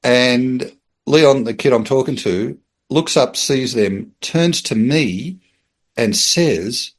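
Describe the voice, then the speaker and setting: A man's voice: medium pitch, takes it slowly. A middle-aged Australian man, a former police officer, telling a casual anecdote as a podcast guest, acting out the voices in his story and laughing as he goes. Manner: lively storyteller who acts out voices and laughs mid-sentence.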